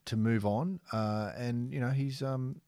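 A man's voice: medium pitch, fairly even intonation, measured pace, dark tone, clear, resonant tone, dry recording. An Australian man, a sports photographer, chatting on a podcast in a laid-back, matey, rambling way. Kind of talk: casual podcast chat.

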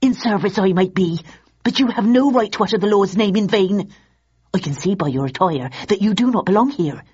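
A woman's voice: mid-range voice, lively intonation, fairly quick, darkish tone, breathy edge. A woman voicing a stern, aggressive woman servant who speaks in a curt, matter-of-fact hiss, in slightly dull lo-fi audio.

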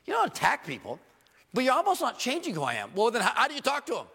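A man's voice: extremely high pitch, huge pitch swings, quick pace, gravelly, bright, forceful tone, husky, big-room sound. A man preaching a sermon as a pastor, telling stories to his congregation and building to emphatic points.

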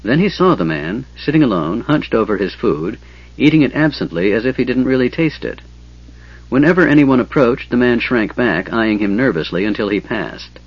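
A man reading a fantasy novel aloud in a steady, measured storytelling voice. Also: medium pitch, slightly rough. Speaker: audiobook narrator. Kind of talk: scripted fantasy narration. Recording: dull lo-fi audiobook recording.

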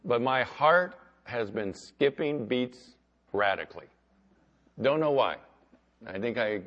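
A man preaching as pastor, talking conversationally and swinging between loud emphasis and quiet asides. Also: fairly low pitch, muffled recording. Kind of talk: sermon.

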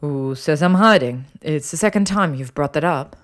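A woman reading the part of a sardonic, cocky young male wizard, giving him a dry, sarcastic, clipped delivery in a low voice. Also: normal speed, close to an everyday voice. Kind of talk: audiobook character voice.

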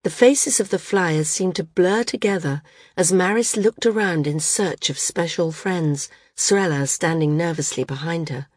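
A woman reads a novel aloud in a measured way. Her voice sits a little low. The recording is close and dry. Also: a little mellow, slightly rough, no echo. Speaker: audiobook narrator. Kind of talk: scripted audiobook narration.

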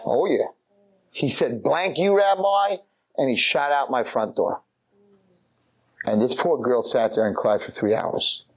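A man giving a rabbi's lecture in a synagogue, telling a story with lively, animated delivery. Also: medium pitch, a little slow, pauses often, breathy edge. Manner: animated, acts out every character.

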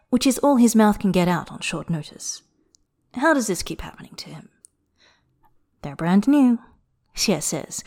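A woman reads erotic fiction aloud in a soft, close, intimate voice that slips into whispers. Her pitch sits slightly low and her delivery stays unhurried. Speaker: narrator.

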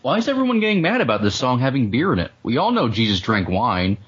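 A man's voice: medium pitch, very animated, fast, highs cut off, background noise. A man co-hosting a casual podcast chat, ranting with lots of swearing and frequent laughter. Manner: profane, ranting, laughs often. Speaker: podcast co-host.

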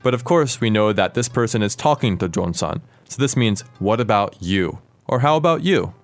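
Low-voiced man teaching a podcast lesson. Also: moderate pace, faint music behind. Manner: clear, explanatory, asks his co-host questions. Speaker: language teacher and podcast host.

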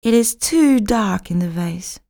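A woman's voice: mid-range voice, animated, a little slow, vocal fry, mellow. A woman voicing a hungry, boastful male cat in a storybook reading, drawling and pleading. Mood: puzzled.

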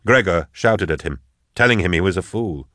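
Male narrator, low voice, measured reading, dry studio sound. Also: animated, bright, forceful tone, no echo. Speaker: audiobook narrator. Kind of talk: scripted narration.

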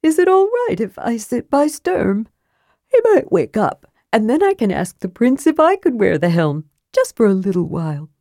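A chirpy little kender lad, put on by a woman narrator, bouncing up into a high, lively voice. He sounds eager and restless, always ready to jump in. The recording is close and dry. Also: normal speed, vocal fry, dry recording, exaggerated voice. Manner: bright, eager, rising questions.

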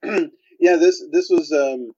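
A man's voice: on the high side, a little slow, a little mellow, muffled recording. A man co-hosting a casual film podcast, laughing often and breaking into wry, jokey asides. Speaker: podcast co-host. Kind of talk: casual chat.

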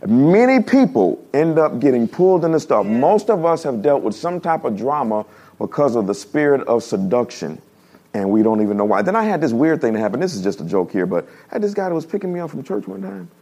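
A male pastor preaching before a congregation, telling funny stories with a voice that keeps jumping up and dropping low. He gets animated and laughs at his own jokes, in a middle-pitched voice. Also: a little fast. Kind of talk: humorous storytelling sermon. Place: church service before a congregation.

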